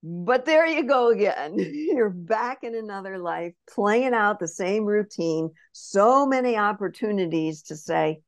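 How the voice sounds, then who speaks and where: A woman spirit messenger telling a past-life reading as an animated story, acting out quotes and often asking if the listener follows. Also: mid-range voice, a little slow, hardly any pauses, no room sound. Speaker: spirit messenger, podcast guest.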